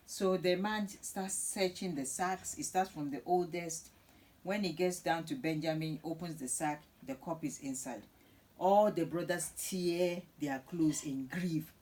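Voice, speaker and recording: A woman teaching the Bible, retelling a story in a lively way and acting out the characters' lines. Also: lowish voice, moderate pace, low-quality recording.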